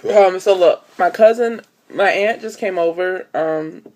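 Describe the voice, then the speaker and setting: A woman's voice: on the low side, measured pace, darkish tone. Chatty young woman. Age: 20s. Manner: chatty storyteller, many ums and "so look". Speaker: vlogger. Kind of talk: casual chat to camera. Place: at home, upstairs room.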